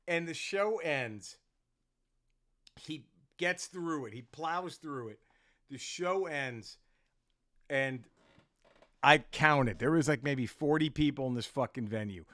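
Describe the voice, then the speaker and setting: A male comedian and podcast host telling an animated, profane story in casual chat. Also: a little high, measured pace, no echo, studio quality.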